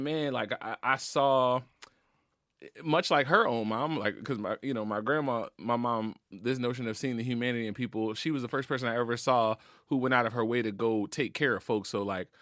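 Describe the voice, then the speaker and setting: Podcast guest: a man of middling pitch, reflective, slangy and openly emotional, on a dry studio mic. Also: a little fast, fairly bright tone, no room sound. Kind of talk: casual heartfelt conversation.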